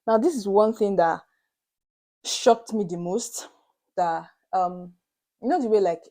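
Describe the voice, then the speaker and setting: A young Nigerian woman vlogger retelling a story to her viewers in an animated, dramatic way, slipping into Pidgin asides. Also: mid-range voice, measured pace. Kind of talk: storytelling to camera.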